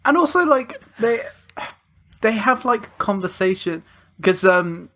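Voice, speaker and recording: A man co-hosting a podcast, joking casually and animatedly about a film. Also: high-pitched. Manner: animated, jokey, quick to laugh. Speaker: podcast co-host. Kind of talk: casual film review chat.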